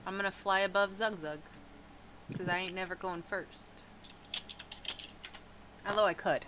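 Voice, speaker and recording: A woman's voice: mid-range voice, steady tone, a little slow, noisy background. A woman playing in a tabletop game, chatting casually and cracking teasing jokes. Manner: teasing, wisecracking. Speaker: player.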